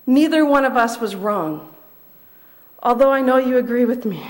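A young woman preaching a sermon in a measured way, repeating key phrases for emphasis. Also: a little high, animated.

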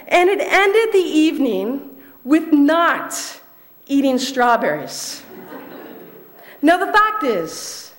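A young woman preaching a sermon in a measured way, repeating key phrases for emphasis. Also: very high voice, a bit bright.

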